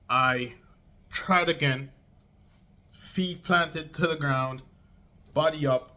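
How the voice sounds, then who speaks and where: A young man vlogging a casual storytime, slangy and swearing, acting out quotes with big jumps in pitch. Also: slow, long pauses, pushed and bright.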